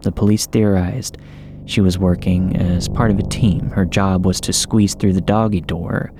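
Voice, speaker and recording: A man narrating a scripted horror story in a measured, dramatic way. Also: sits low, noisy background. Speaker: podcast narrator.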